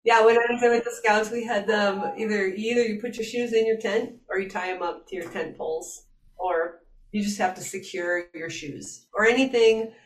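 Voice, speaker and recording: A woman telling a hiking trip story in casual group chat, animated and laughing often. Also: mid-range voice, moderate pace, recorded from a distance. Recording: roomy sound from off-mic.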